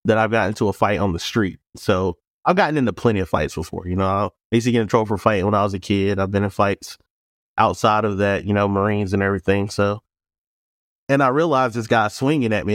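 A man with a fairly low voice tells a story casually to a podcast host. He acts out the people in it with changing voices. He swears freely, and his voice sounds dry and close to the mic. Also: fast talker, no room sound. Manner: animated, acts out dialogue in quoted voices. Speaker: podcast guest, former police officer.

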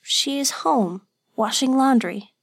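A woman's voice: high voice, slow, vocal fry, slightly rough, no echo, voice pushed up, exaggerated voice. A small frightened boy, put on by a woman reading an audiobook speaks in a raised, childlike voice, keeping his answers short and simple. The sound is close and dry. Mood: plain.

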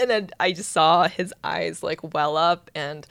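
A woman's voice: low voice, lively intonation, moderate pace, few pauses, fairly bright tone, no echo. A young woman in casual chat, telling a story emotionally and laughing, with many "like" fillers. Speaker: host, the bride.

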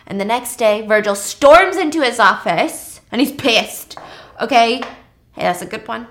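A young woman hosting, retelling a film in a casual, animated and slangy way. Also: fairly high pitch, a little slow. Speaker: host. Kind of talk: casual film recap while eating.

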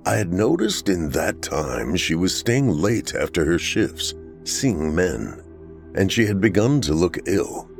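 A man with a very low voice reads a first-person horror tale in a somber, measured way. His pitch swings widely as he tells it. Soft music plays faintly underneath. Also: big pitch swings, vocal fry. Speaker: horror story narrator. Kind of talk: scripted horror narration.

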